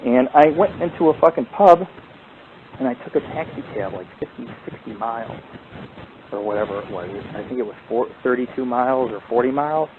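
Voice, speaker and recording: A man hosting a paranormal radio show, telling a long, profane, rambling ghost story in a casual, animated way. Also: mid-range voice, brisk. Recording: tinny phone-like line with faint hiss.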